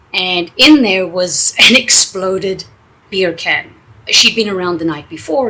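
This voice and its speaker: Husky bright-voiced woman telling a story. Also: fairly low pitch, poor audio. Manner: chatty, animated, with fillers and restarts. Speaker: storyteller and English teacher. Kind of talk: casual storytelling.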